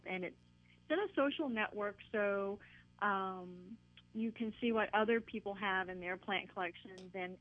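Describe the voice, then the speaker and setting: A woman's voice: mid-range voice, dry recording. A woman guest explaining her work in an upbeat, explanatory way over the phone. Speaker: guest, website co-founder. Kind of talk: phone-in interview. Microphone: telephone. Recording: tinny phone line.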